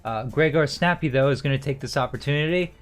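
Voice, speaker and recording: A man's voice: medium pitch, quick pace, faint music behind. A man running a tabletop game as game master, casual, laughing often and swearing offhandedly as he narrates.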